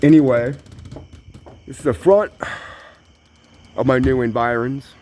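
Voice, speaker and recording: A man's voice: medium pitch, lively intonation, measured pace, slight background noise. A man vlogging a casual tour of his new place, talking in a dry, sarcastic way. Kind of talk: casual home tour narration.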